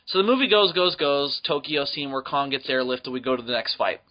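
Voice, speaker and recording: A man's voice: mid-range voice, expressive, a little fast, sharp tone, low-quality recording. A man co-hosting a podcast, telling a long story in casual chat, rambling with many ums and plenty of swearing. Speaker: podcast co-host.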